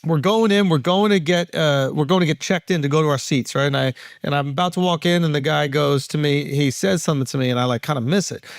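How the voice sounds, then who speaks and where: A man's voice: fairly high pitch, fast talker, creaky, few pauses, no echo, studio quality. A man co-hosting a podcast, telling stories and acting out the lines people said to him in casual banter. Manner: animated storyteller, acts out quotes. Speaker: podcast co-host.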